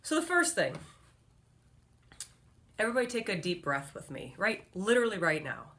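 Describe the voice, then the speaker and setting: A woman's voice: mid-range voice, big pitch swings, moderate pace, a bit bright. A woman hosting a motivational video blog, speaking straight to camera in an upbeat, earnest way and coaching her viewers. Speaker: motivational speaker and vlog host. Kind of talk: direct-to-camera motivational vlog.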